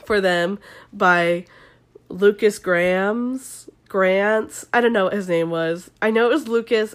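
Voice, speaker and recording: Podcast host, young woman, SoCal accent, flu-hoarse, casual and sweary. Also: mid-range voice. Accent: Southern Californian. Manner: chatty, swearing, many likes and ums. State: sick with flu. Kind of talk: casual reality-show recap.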